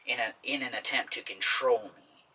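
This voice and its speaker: A man's voice: mid-range voice, moderate pace, pushed and bright, distant mic, slight background noise, rough recording. A man hosting a self-help talk in a casual explainer style, often checking in with "okay?". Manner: repetitive, keeps asking "okay?". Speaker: self-help video host.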